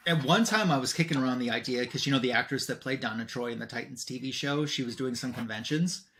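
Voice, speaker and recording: A man's voice: mid-range voice, fast, fairly bright tone, slight background noise. A man co-hosting an online show, casually retelling a comic book plot and quoting the characters in an offhand way. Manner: retells scenes with "he's like" quotes. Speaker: co-host.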